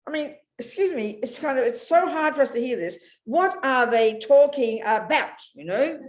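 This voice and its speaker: A woman's voice: high-pitched, moderate pace. A woman giving a Buddhist dharma talk to an audience, blunt and emphatic, often checking in with her listeners. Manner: emphatic and animated, often asks the audience "you know?"; blunt, outspoken. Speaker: Buddhist teacher.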